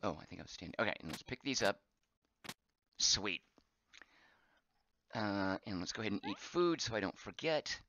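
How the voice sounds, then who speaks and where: Chatty lively-voiced male game streamer. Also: lowish voice, moderate pace, long pauses, lo-fi sound, a little hiss or hum. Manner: chatty, reads chat aloud, thinks out loud. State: voice going hoarse. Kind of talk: live gameplay commentary.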